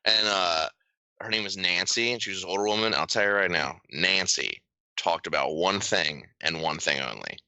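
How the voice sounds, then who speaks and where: A man's voice: low-pitched, moderate pace, sharp tone, no echo. A young man co-hosting a comedy podcast, telling rambling stories and acting out what people said. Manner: rambling storyteller, acts out quotes. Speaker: podcast co-host. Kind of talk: casual comedic chat.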